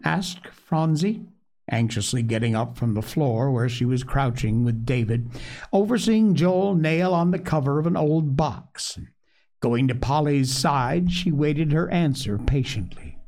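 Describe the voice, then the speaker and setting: A man reading a children's story aloud, gentle, expressive and unhurried. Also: mid-range voice.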